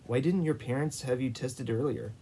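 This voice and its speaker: A man's voice: medium pitch, moderate pace, mellow, a little hiss or hum, close to an everyday voice. A man reading the lines of a proud, impatient young soldier in a storybook. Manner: brusque, impatient.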